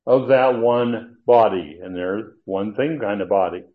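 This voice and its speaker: A man's voice: on the low side, a little slow. A man teaching an expository sermon on Bible passages, emphatic and stressing key words, with asides and restarts. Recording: tinny phone-like sound.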